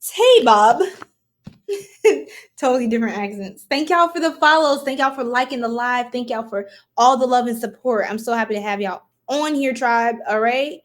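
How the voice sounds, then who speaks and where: A woman's voice: fairly high pitch, brisk, hardly any pauses. A woman giving a live-stream tarot reading, chatty and giggly, casually goofing off and talking straight to her viewers. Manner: casual, talks to viewers as y'all. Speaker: tarot reader.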